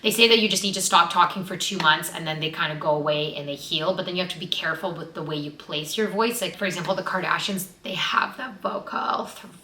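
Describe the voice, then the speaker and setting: A woman's voice: on the low side, fast, hardly any pauses, sharp tone, slight background noise. A young woman vlogging to camera in casual chat. She sounds nervous and open and says "like" a lot. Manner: nervous, open, heavy use of "like". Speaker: vlogger and actress. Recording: roomy echo.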